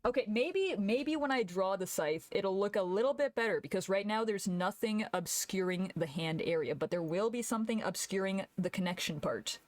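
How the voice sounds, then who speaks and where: A woman's voice: medium pitch, animated, normal speed, hardly any pauses, a little mellow, dry recording. A young woman streamer chatting casually while she draws, laughing often and answering her chat aloud.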